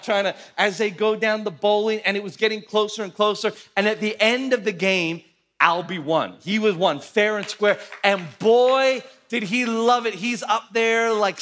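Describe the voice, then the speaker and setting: A male pastor telling a story in a sermon, animated, acting out the voices of the people in it. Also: high voice. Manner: animated, acts out voices in anecdotes.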